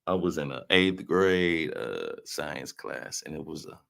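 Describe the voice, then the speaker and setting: A man's voice: extremely low pitch, lively intonation, a little slow, gravelly, fairly bright tone. A man hosting a casual live stream, teasing his chat with loose slang and frequent laughs. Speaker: livestream host reading chat.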